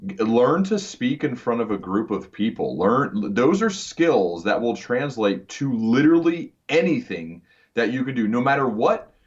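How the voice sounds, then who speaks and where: A man's voice: medium pitch, big pitch swings, unhurried. A man hosting a podcast interview, talking earnestly and often restarting his words. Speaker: podcast host. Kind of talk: conversational interview. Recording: dull lo-fi sound.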